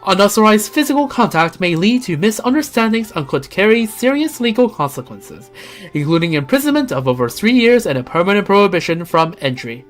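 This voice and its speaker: A reader voicing a stiff, formal guardian machine that speaks in a clipped, deadpan, legalistic way, in a fan reading of game dialogue. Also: medium pitch, brisk, soft background music, lightly acted. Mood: stern.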